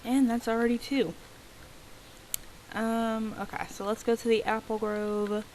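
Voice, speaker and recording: A woman hosting a let's play, chatting casually and reacting out loud as she plays. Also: on the high side, little pitch movement, unhurried, a little hiss or hum, rough recording. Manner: chatty, reacting aloud to the game. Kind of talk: casual gameplay commentary.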